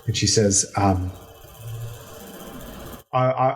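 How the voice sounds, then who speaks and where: A man narrating a tabletop role-play game as game master, describing scenes in an unhurried way with many fillers. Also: on the low side, fairly even intonation, faint music behind.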